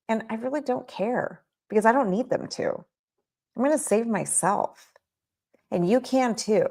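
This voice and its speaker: A woman coaching child care business owners in a motivational talk, emphatic and full of repeated rhetorical questions. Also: medium pitch.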